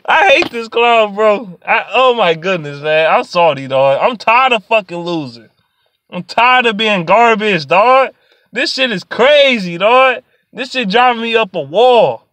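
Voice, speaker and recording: A man delivering an angry, profane sports rant in a vlog, sliding between low muttering and sudden shouts. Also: unhurried, no echo. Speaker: sports vlogger.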